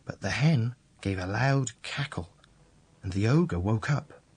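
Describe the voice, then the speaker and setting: A man reads a children's fairy tale aloud in a slow, unhurried way. His voice is husky and slightly low, with a deliberate, repetitive storyteller's rhythm. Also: animated, darkish tone.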